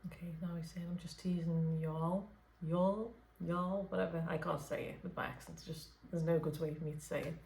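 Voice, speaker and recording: Speaking softly as a medium at a late hour, a woman improvises a channelling session, hesitant and full of fillers and restarts. Her low, gravelly voice keeps a level tone at a quick pace with few pauses, and the room echoes.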